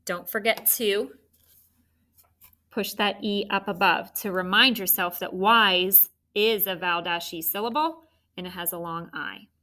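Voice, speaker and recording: A woman's voice: mid-range voice, unhurried, pushed and bright. A woman teaching a children's phonics lesson, spelling out letters and encouraging the students.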